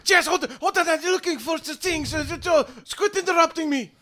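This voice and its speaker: A panicked, snappish little figure yells everyone out of his way, as a man puts him on in a tabletop game. The voice sits high and bright, clipped and frantic. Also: fairly quick.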